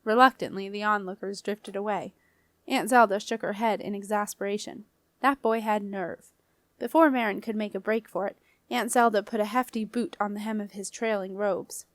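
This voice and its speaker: A woman reading an audiobook aloud in a measured storytelling way. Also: mid-range voice, fairly even intonation, dry recording. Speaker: audiobook reader. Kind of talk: scripted audiobook narration.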